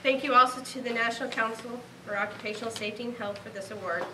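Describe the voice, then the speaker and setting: A woman's voice: on the high side, fairly even intonation, fast, roomy sound, recorded from a distance, very noisy. A woman in her thirties from Nebraska giving a heartfelt award acceptance speech, earnest and grateful. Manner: heartfelt, earnest, speaking of a lost relative.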